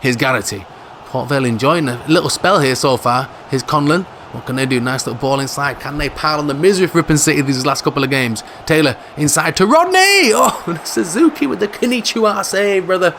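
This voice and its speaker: Guy commentating his football game, fairly high voice, jokey banter, faint room noise behind. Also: animated, a little fast, a bit bright. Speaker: gaming video host.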